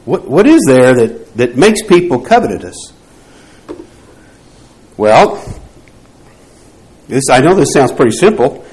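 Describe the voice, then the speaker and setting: A man's voice: medium pitch, very animated, slow, pauses often, a little mellow, low-quality recording. A man teaching a Bible class, posing rhetorical questions to the group and often restarting his phrases.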